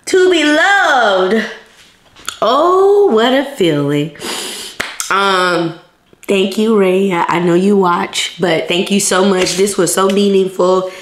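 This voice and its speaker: Slow-talking, teary woman vlogger. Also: lowish voice, slight background noise. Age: 30s. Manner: chatty, emotional, gets teary. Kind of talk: casual vlog chat.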